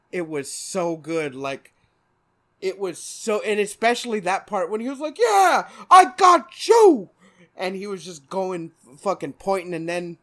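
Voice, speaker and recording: A young man hosting a podcast in casual chat, rambling with lots of swearing and laughter. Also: sits high. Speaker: podcast host.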